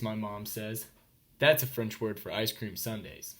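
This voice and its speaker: A man's voice: mid-range voice, animated, fairly bright tone. Man reading a picture book aloud. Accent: American. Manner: reads slowly with explanations and questions to listeners.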